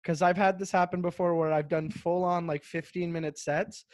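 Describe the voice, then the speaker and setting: Comedian guest, male, slightly high voice, dry close home mic, quick joking storyteller. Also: fairly even intonation, a little mellow, no room sound. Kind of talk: casual chat. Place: home, remote. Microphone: home microphone, remote call.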